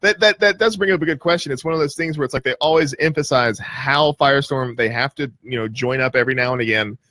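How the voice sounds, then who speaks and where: A man's voice: mid-range voice, fast, sharp tone, dry recording. Easygoing male podcast host. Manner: easygoing, filler-heavy, chuckling. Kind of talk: casual chat.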